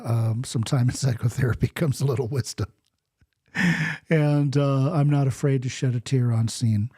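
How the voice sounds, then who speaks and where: Middle-aged male host, husky and warm, halting delivery with fillers, dry close sound. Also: mid-range voice, no room sound. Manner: measured, hesitant, many uh fillers. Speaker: podcast host. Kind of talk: conversational interview.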